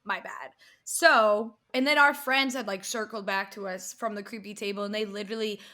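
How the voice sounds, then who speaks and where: Animated, swearing young woman. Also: mid-range voice, normal speed. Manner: animated, swearing, laughing storyteller. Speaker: podcast co-host. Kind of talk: casual storytelling chat.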